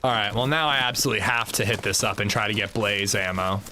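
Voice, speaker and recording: A man's voice: on the low side, fast talker, sharp tone, slight background noise. A young man streaming a video game, chatting casually and profanely with his viewers while he plays. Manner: chatty, loose and profane, reads and answers chat. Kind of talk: casual livestream chat while gaming.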